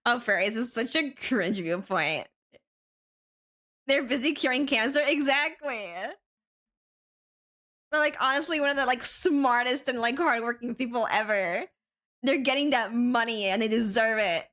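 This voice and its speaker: A woman's voice: on the high side, a little slow, long pauses, a bit bright. A young woman from Spain with an American accent, chatting casually and giggling often while she draws on stream. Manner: giggly, laughs often between phrases. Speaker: art streamer. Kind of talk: casual chat while drawing.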